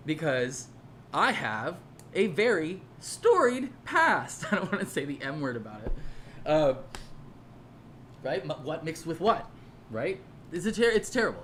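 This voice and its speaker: A speaker giving a sarcastic, mocking commentary rant, recorded at home on camera. The pitch swings widely and lively, with frequent laughter. A faint hum of room ambience sits behind the voice. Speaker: commentary creator. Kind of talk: casual ranting commentary to camera.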